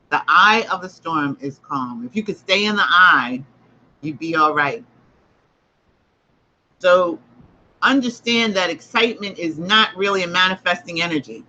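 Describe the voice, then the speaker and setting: A woman hosts a spiritual discussion stream and drives her points home through emphatic repetition. Her voice is bright and forward. The audio is a little dull, like a lo-fi stream. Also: medium pitch. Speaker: host. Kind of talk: livestream spiritual book discussion.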